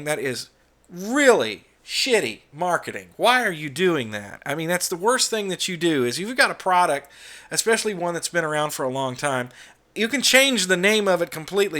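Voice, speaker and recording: A man's voice: fairly high pitch, pushed and bright. Blunt, opinionated American man ranting. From United States. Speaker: YouTube channel host. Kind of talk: casual monologue vlog.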